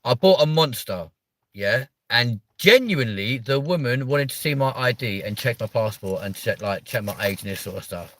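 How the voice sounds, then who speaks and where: A British man in his thirties, from the United Kingdom, hosts a livestream, chatting casually with viewers and reading their comments in a playful, mock-offended way with casual swearing. His medium-pitched voice is a bit bright, with lively intonation at a normal speed. The recording is dry.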